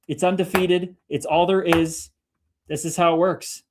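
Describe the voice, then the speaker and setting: A man's voice: high-pitched, level tone, unhurried, background noise. A man in his thirties hosting a casual livestream, swearing freely and mixing hype with preachy spiritual talk while reading out comments. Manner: profane, hyped-up, preachy spiritual lingo. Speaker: livestream host. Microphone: streaming mic.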